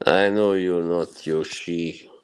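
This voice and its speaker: A man's voice: deep voice, steady tone, takes it slowly, smooth, poor audio. A man hosting a live stream, casually chatting and answering viewer comments, chuckling often between remarks.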